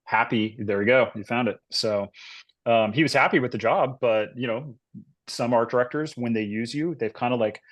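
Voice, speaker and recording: A man's voice: mid-range voice, moderate pace. A man in his forties, an illustrator and guest, telling his career story in a rambling, casual way full of fillers. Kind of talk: casual interview chat.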